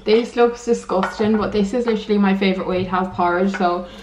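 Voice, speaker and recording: A woman's voice: mid-range voice, fairly even intonation, fairly quick, reverberant, background noise. A young Irish woman vlogging in her kitchen, rambling casually to the camera with lots of "like" and "you know". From Ireland. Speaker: lifestyle vlogger. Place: home kitchen.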